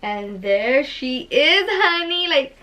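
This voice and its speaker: Young woman vlogger gushing over an unboxing, bright voice, lots of like and oh my god. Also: on the high side, moderate pace, poor audio. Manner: gushing, full of gasps and fillers. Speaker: beauty vlogger. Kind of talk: excited unboxing vlog.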